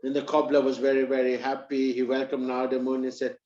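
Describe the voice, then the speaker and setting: A man preaching who tells a story in a lively way and acts out its characters. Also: mid-range voice, quick pace, few pauses. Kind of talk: storytelling in a sermon. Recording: roomy, slightly dull recording.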